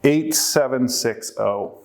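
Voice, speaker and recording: A man's voice: medium pitch, slow, creaky. A man presenting a workshop to a live group, quizzing the audience and working through numbers aloud.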